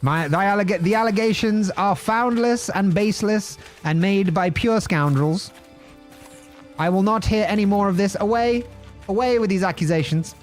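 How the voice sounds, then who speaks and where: A man's voice: sits high, normal speed, soft background music, close to an everyday voice. A man voicing a pompous, indignant medieval nobleman in a game stream. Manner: haughty, theatrical.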